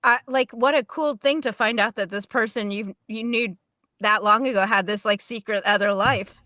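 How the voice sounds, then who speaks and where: A woman's voice: fairly high pitch, moderate pace, bright, forceful tone, no echo, studio quality. A woman, a voice actor and podcast co-host, chatting in a bubbly way with many fillers. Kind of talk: casual chat.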